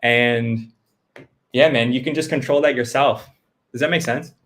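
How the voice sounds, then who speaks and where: A man's voice: medium pitch, fairly even intonation, a little slow, a bit bright. A man giving blunt, profane business advice in casual chat, acting out customers' quotes as he goes.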